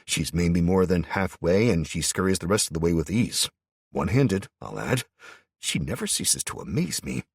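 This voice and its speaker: A man's voice: low voice, sing-song, normal speed, creaky, slightly rough, no echo, studio quality. A man narrating a first-person audiobook in a tense, wry manner.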